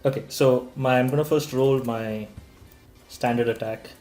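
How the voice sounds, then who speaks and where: A man's voice: mid-range voice, steady tone, moderate pace, darkish tone, soft background music. Male tabletop player, matter-of-fact, roomy echoey recording. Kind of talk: tabletop role-play, describing actions. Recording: roomy echo.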